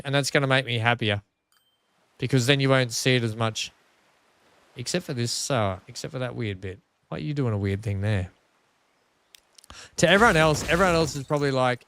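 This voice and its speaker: A man's voice: medium pitch, normal speed, vocal fry, long pauses, fairly bright tone, slight background noise. An Australian man casually commentating while live-streaming a building game, chatting with viewers and grumbling at his track. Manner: chatty, talks to chat, self-mocking frustration. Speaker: gaming streamer. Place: home room.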